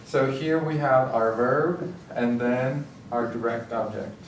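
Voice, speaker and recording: Speaking slowly in a mid-range voice, a man tutors Spanish in a recorded lesson, breaking grammar down step by step and often checking in with "okay?". The room echoes, the mic sits far away, and there's a faint hiss.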